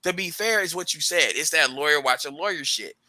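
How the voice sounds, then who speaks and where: Guy on a podcast, swears a lot, bright lively voice that jumps around, dry close mic. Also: on the high side, brisk, dry recording. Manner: loose, swearing, trailing off in restarts. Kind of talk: casual profane chat.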